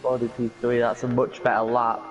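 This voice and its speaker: A man doing live commentary on a sim racing session, conversational and quick to react with exclamations. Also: mid-range voice, monotone, dull audio, over a noisy crowd.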